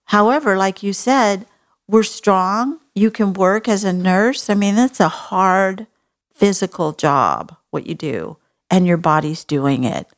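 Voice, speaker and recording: A woman's voice: mid-range voice, slow pace. A middle-aged woman from Texas, hosting a casual conversation in an earnest, folksy and compassionate way. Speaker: host.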